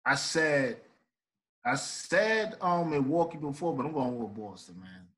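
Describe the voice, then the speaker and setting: A man's voice: medium pitch, expressive, measured pace, a bit bright. A man, a coach guesting on a sports podcast, explaining his views at length with many restarts. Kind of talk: casual sports debate.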